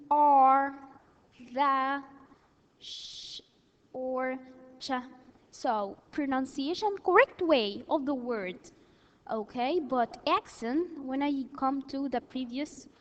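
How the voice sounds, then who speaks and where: Slow high-voiced woman teaching vocabulary. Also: a little mellow. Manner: slow, explains step by step with halting fillers. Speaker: English teacher. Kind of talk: recorded vocabulary lesson. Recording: dull lo-fi audio with long reverb.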